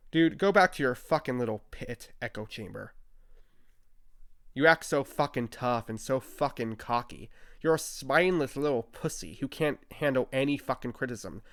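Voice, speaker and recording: A man's voice: mid-range voice, fairly bright tone, no echo. Profane ranting young man, dry close sound. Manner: profane, heated, mocking. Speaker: commentary YouTuber. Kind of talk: angry commentary rant.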